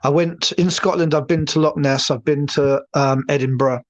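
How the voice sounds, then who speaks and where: Speaking at normal speed with fairly even intonation, a slightly high-voiced man from England runs a casual live chat. His hosting is rambling and sweary as he talks with his viewers.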